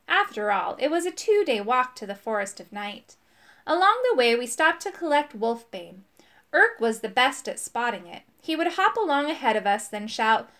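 A woman reading a children's storybook aloud, expressive and animated. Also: on the high side. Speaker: audiobook reader.

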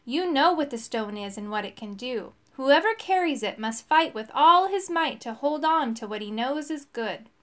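A woman voicing a mysterious, wise old woman giving calm advice in a storybook. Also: sits high, moderate pace, few pauses. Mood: advising. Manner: calm, advising.

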